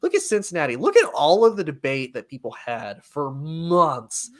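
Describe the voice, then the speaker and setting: A man's voice: a little high, very animated, normal speed, a bit bright. A man co-hosting a sports talk show, rambling easily through his points in a casual debate. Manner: rambling, frequent fillers and restarts, easygoing.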